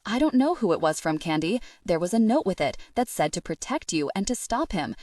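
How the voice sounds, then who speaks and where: A woman's voice: lowish voice, big pitch swings, brisk, darkish tone, dry recording, studio quality, distant mic. A woman voicing a distraught, furious middle-aged mother who scolds through tears, pushy and harsh. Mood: angry.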